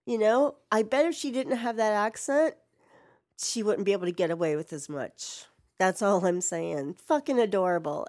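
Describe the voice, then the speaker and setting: A woman's voice: medium pitch, expressive, moderate pace, a little mellow, dry recording. Rambling, foul-mouthed middle-aged woman vlogger. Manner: rambling, profane, lots of "like". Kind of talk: casual response video chat. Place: home, Portland.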